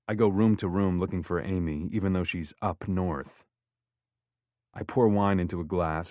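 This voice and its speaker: A man reading a first-person audiobook, with a sardonic, deadpan inner-monologue delivery into a close mic. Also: low-pitched, no room sound. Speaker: audiobook narrator.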